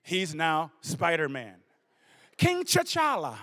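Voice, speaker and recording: A man's voice: high-pitched, lively intonation, normal speed, fairly bright tone. A middle-aged man, a bishop preaching a sermon, who weaves scripture with a personal story and drives his points home through rhythmic repetition.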